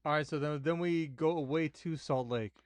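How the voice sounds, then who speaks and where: A man's voice: a little high, normal speed, no room sound. A man hosting a casual sports podcast, running the segment with wry, ribbing remarks.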